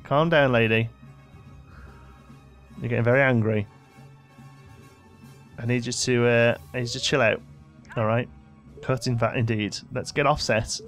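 A man's voice: medium pitch, fairly even intonation, a little slow, pauses often, a bit bright, faint music behind. A young man giving casual gameplay commentary, bossing his in-game characters around with mock exasperation. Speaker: let's play host.

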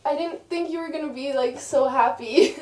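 A woman's voice: high voice, normal speed, a little mellow. A young woman vlogging with her partner, giggling through her words and apologizing often. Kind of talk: casual couple vlog. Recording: echoey room, mic at a distance.

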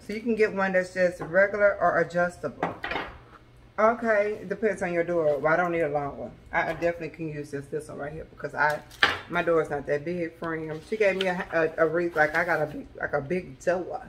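A woman vlogger, chatting excitedly to her viewers from her home kitchen. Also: on the low side, noisy background. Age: adult with school-age children. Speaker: vlogger sharing a grocery haul. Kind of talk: casual chat to camera.

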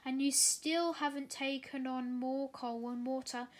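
A woman's voice: high voice, steady tone, a little slow. A woman voicing a helpful, instructive male tank engine while reading a storybook aloud. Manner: instructive, reasoning tone.

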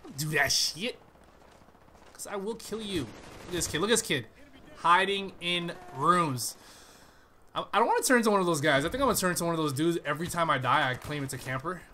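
A man's voice: fairly high pitch, lively intonation, a little fast, pushed and bright, slight background noise. A man giving profane, trash-talking live commentary over a shooter game he is playing. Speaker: gaming channel host.

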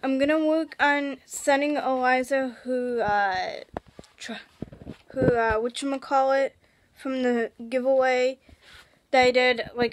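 A young woman vlogging in casual chat, rambling with restarts and gushing with excitement. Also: high-pitched, a little slow. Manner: excitable, gushing, shrieks when thrilled.

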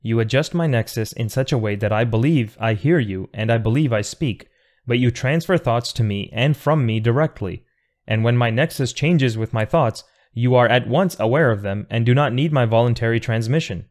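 A thoughtful, defiant man arguing against eternity, read by a man in an audiobook. He talks earnestly and precisely, pressing each point at an average pitch. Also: normal speed, a little mellow, lightly acted. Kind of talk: audiobook reading.

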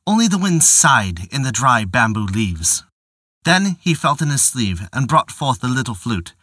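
A man narrating a folk tale in a measured, old-fashioned storytelling manner. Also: medium pitch, bright, forceful tone, no echo, clean studio sound.

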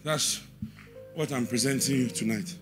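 A man with a Ghanaian English accent preaching a sermon in a church, repeating verse references and swinging from quiet asides to shouted, sing-song emphasis. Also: medium pitch, moderate pace, music in the background.

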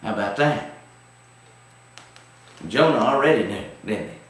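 A man's voice: mid-range voice, animated, unhurried, fairly bright tone. A man teaching a televised Bible study in a folksy, emphatic way. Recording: very echoey room, distant mic.

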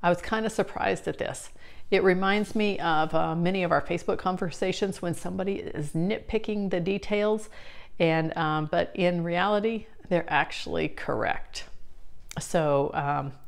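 A woman's voice: lowish voice, normal speed, gravelly. A woman explaining scripture in a casual teaching talk, chatty and full of fillers and restarts. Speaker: Bible study teacher.

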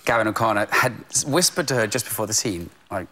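A man's voice: fairly low pitch, fast talker, slight background noise. A man, an actor guest on a talk show, telling self-deprecating stories with a laugh in his voice. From Wales. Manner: lively storytelling, self-deprecating, laughs often.

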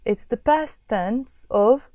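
A woman teaching a language lesson, patiently explaining and repeating phrases slowly. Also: fairly high pitch, lively intonation, dark tone, dry recording, clean studio sound.

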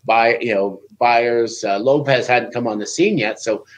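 An unhurried man of medium pitch, once an Olympic wrestler, chats as a podcast guest and tells stories in a relaxed way. He brings quoted speech to life in a raised voice with lots of animation, over rough recording quality.

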